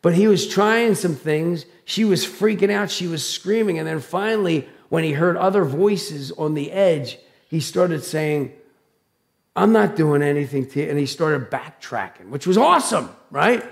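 High gravelly guy preaching, loud and animated, tells stories big. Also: a little slow. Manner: loud, animated, dramatic storytelling. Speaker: pastor. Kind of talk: sermon with personal storytelling.

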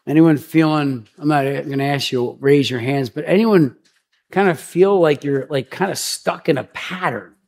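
Pastor, man, higher-pitched and gravelly voice, rambling conversational sermon. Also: moderate pace, darkish tone, a little hiss or hum. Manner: chatty and rambling, with frequent restarts and asides.

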